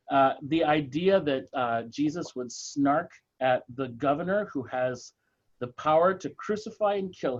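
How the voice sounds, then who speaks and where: A man leading a church book group discussion, thoughtful and halting, with many fillers and restarts. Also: fairly high pitch, muffled recording.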